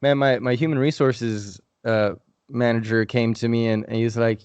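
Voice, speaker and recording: A man's voice: mid-range voice, fairly even intonation, normal speed, darkish tone, clean tone, no echo, muffled recording. A man in his thirties chatting casually on a podcast, rambling through a personal story with restarts and swearing. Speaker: podcast regular.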